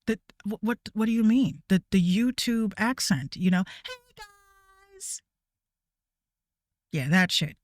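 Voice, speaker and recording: A woman's voice: medium pitch, expressive, moderate pace, few pauses. A woman VTuber ranting casually to her viewers, profane and rambling, with stammering restarts. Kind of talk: casual rant.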